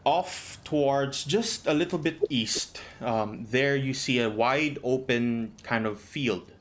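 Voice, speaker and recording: A man narrates a tabletop game as its game master in an easygoing, unhurried manner, pausing with ums as he describes the scene. His voice sits at a middle pitch, and a faint hiss of background noise runs under the call. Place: home, online voice call.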